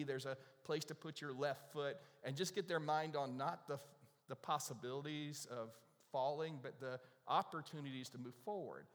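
A man preaching to his congregation in a conversational way, his voice lifting and dropping as he stresses words. He is recorded in a church with a long, echoing reverb, and his pitch sits in an ordinary middle range. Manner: animated, conversational preaching with repeated starts. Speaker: pastor. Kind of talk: sermon. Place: church sanctuary. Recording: echoey hall reverb.

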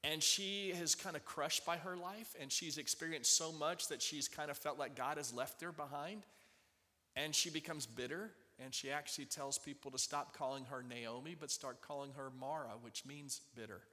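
A man's voice: fairly high pitch, moderate pace, sharp tone. A man preaching a sermon, retelling a Bible story and turning to the congregation to ask them to join in. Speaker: pastor. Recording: long hall reverb.

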